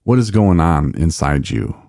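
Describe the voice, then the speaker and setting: A man's voice: a bass voice, very animated, moderate pace, vocal fry, darkish tone, dry recording, studio quality. A man co-hosting a recovery podcast, talking casually and reflectively, often repeating words as he thinks. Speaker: podcast co-host.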